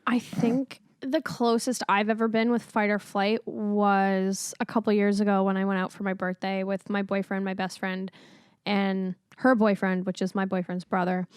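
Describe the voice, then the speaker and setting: A young woman co-hosting a podcast, telling a story in casual chat, animated, laughing often and swearing freely. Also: mid-range voice, moderate pace, clear, resonant tone, dry recording, studio quality. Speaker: podcast co-host.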